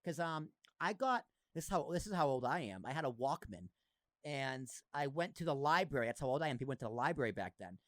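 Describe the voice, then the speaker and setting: A man's voice: medium pitch, big pitch swings, quick pace, no echo. A man in his thirties hosting a podcast, chatting casually and animatedly, with lots of fillers and some swearing. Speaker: podcast host. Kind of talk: casual chat.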